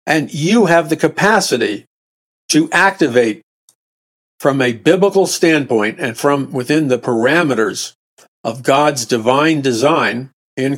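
Emphatic male preacher. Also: a little high. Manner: emphatic, repeats and restarts phrases, rising to bursts of intensity. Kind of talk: sermon.

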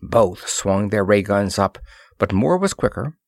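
Male audiobook narrator, low, slow, lively in pitch, dry close sound. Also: vocal fry, no echo. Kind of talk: pulp science fiction reading.

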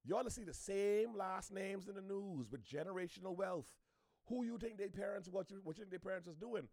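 A man from the Bahamas with a Bahamian accent, ranting to camera in an animated, preachy way, repeating his points. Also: high voice, moderate pace, no echo, studio quality. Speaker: social media commentator. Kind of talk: opinionated rant to camera.

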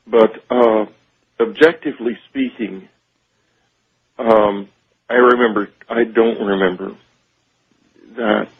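A man telling a radio host about a personal experience, halting and searching for words. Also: lowish voice, steady tone, gravelly, breathy edge. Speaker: radio show guest. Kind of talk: phone-in interview, personal account. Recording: tinny phone line on radio.

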